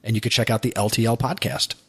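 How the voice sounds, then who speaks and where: A man hosting a podcast in casual chat, who slows down to spell out web addresses. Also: mid-range voice, steady tone, breathy edge. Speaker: podcast host.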